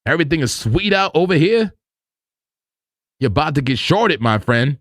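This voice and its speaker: A man hosting a casual live crypto trading stream who talks excitably, laughs loudly and repeats himself. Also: a little high, moderate pace, no room sound, studio quality.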